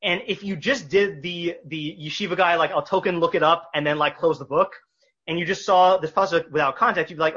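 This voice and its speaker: A man leads a text study class in a bright, slightly husky voice. He reads verses slowly, then explains them with frequent fillers and restarts. The recording is dull and lo-fi. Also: on the high side. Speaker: Torah teacher.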